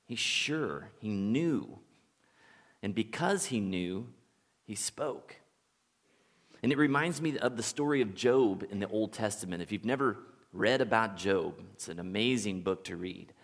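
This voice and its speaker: A man preaching a sermon as a pastor, relaxed and conversational, telling stories and chuckling now and then. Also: on the low side, a little slow, in a large hall. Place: church sanctuary.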